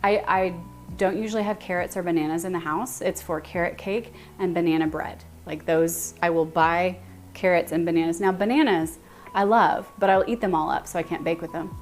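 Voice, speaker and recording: A woman's voice: on the low side, steady tone, fairly quick, faint music behind. A woman with a Texan accent hosting a casual baking livestream, chatting and thinking aloud as she greets her viewers by name in her home kitchen.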